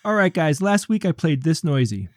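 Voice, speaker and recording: A man hosting a podcast segment in a relaxed casual chat, reading listener emails and laughing often. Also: a little high, moderate pace, no room sound, clean studio sound.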